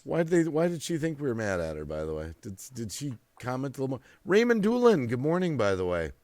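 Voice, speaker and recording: A fast-talking middle-aged man with a mid-range voice hosts a late-night live stream, lively in his storytelling, laughing often and greeting chatters. There's no room sound in the recording.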